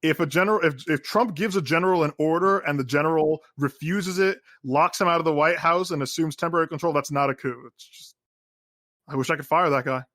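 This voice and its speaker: A man's voice: on the high side, fairly quick, a bit bright, dry recording, studio quality. A man co-hosting a political podcast, talking in a casual, rambling way full of fillers and profanity. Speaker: podcast co-host.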